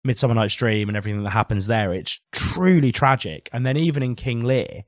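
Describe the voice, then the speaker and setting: A man's voice: mid-range voice, a little fast, no echo, clean studio sound. A man co-hosting a casual podcast, articulate and literary, sliding into heated, swearing rants. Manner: heated ranting with frequent swearing; articulate, literary turns of phrase. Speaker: podcast co-host.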